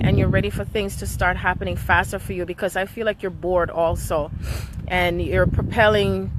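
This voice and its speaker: A woman's voice: medium pitch, noisy background. A woman giving an emotional live-streamed spiritual reading, often checking in with "okay?". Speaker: spiritual reader.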